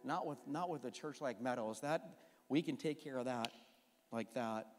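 A man's voice: mid-range voice, normal speed. A man preaching a sermon and praying, a fervent pastor who builds to impassioned emphasis. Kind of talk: sermon and closing prayer. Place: church sanctuary. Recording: long church reverb with faint music.

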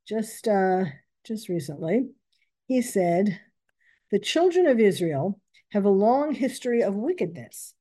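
Woman commentator with a mellow voice. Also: mid-range voice. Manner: reads out quotes, stops to correct herself. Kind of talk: reading out and commenting on news reports.

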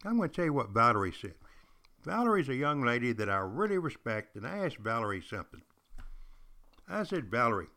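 An older man hosts a podcast with the air of a longtime teacher, retelling history stories. He speaks to his listeners directly, repeating his key points for emphasis, in a voice of ordinary pitch for a man. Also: pushed and bright. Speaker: podcast host. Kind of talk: storytelling history lecture.

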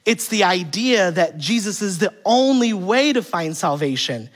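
A pastor preaches in a relaxed, conversational way, slipping into funny stories about home life and acting out bits of family dialogue. The sermon keeps turning to the congregation with rhetorical questions. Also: mid-range voice, measured pace, soft background music.

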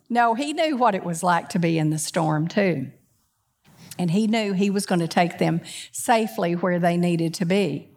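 A woman preaching a sermon. She swings between loud, emphatic preaching and quick conversational asides, often putting questions to the congregation. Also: a little high.

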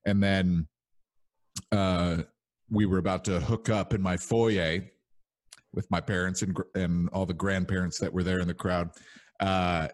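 A man's voice: low-pitched, little pitch movement, unhurried. A young man hosting a podcast, telling rambling stories in casual chat with lots of fillers. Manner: rambling storyteller, many fillers. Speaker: podcast host.

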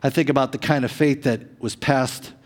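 A man preaching a sermon as pastor, animated, swinging between loud emphasis and hushed, drawn-out lines. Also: medium pitch. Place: church sanctuary. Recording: long reverb of a church hall.

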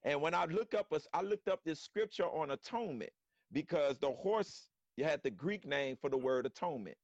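Brief: high-voiced storyteller, lively slang testimony, dry dull stream sound. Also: male voice, moderate pace, no room sound. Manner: animated, slangy, acts out quotes in a high voice. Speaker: guest storyteller. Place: live-streamed conversation.

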